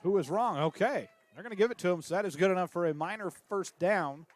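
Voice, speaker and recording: A man calling high school football play-by-play who gets excitable and climbs in pitch on big plays. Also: quick pace. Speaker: play-by-play announcer.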